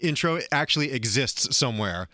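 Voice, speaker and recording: A man from Long Island with a softened New York accent, co-hosting a casual podcast chat and drawing out his words like a former radio DJ. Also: mid-range voice, expressive, no echo, clean studio sound. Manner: playful, drawn-out radio announcer delivery.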